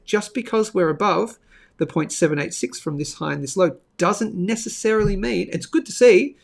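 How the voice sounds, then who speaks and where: A man's voice: high voice, creaky. A man hosting a live market show, talking through charts casually, thinking aloud, with sudden bursts and asides.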